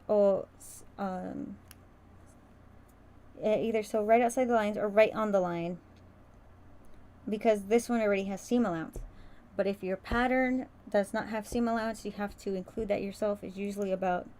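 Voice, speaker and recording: A woman at a middle pitch talks her way through a casual sewing livestream. She is chatty and rambling, restarting sentences and stumbling over words. A faint noise runs under her voice. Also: dark tone. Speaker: crafter streaming a sewing demo.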